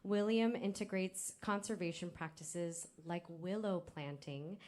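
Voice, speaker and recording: Woman emceeing a live show, lowish voice, talks slow, lots of ums, bit far from the mic. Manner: warm-hearted, rambling with many fillers. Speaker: event host. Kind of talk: live event hosting.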